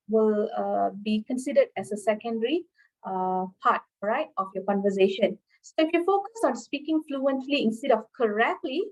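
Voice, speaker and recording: A woman from Malaysia giving an English-skills webinar lesson, often pausing with fillers and checking in with okay and all right. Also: fairly high pitch, low-quality recording. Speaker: English lecturer.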